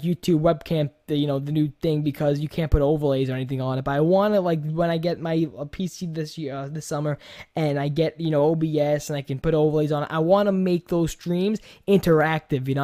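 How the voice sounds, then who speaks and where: A man's voice: on the high side, darkish tone. A young man with a New York accent chats loosely as a podcast host. He rambles from one thought to the next, doubles back on his words and swears freely. His delivery is casual and unscripted. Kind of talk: casual chat.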